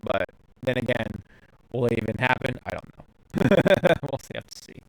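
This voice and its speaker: A man's voice: medium pitch, animated, moderate pace, gravelly, no room sound, rough recording. A man hosting a podcast in casual chat, rambling with lots of fillers and restarts. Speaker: podcast host.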